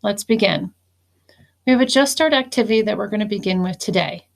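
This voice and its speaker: A woman teacher speaks to students in a recorded phonics lesson, with a voice of ordinary pitch. She dictates phrases slowly and deliberately, then walks through how to mark each syllable. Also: creaky.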